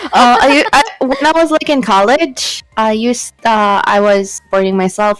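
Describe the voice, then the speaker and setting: A woman's voice: a little high, no echo, rough recording. A young Filipino woman talks with a co-host on a stream, in casual chat that switches between English and Tagalog. She stumbles, repeats words and breaks off, with a dry, close sound and faint music underneath. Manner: halting, repeats words, emotional.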